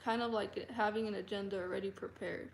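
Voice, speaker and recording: A woman telling a personal story to camera in an earnest, halting way, full of fillers and restarts. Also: medium pitch, fairly even intonation, gravelly, slight background noise. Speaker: vlogger. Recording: roomy echo.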